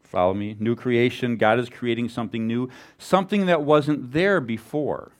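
A man preaching a sermon as a pastor, animated and asking the congregation rhetorical questions. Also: medium pitch, moderate pace.

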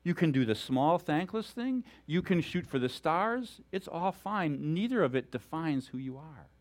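A male pastor preaching with an animated, storytelling delivery and frequent chuckles. His pitch swings widely and sits a touch high for a man. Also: a little slow. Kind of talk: sermon.

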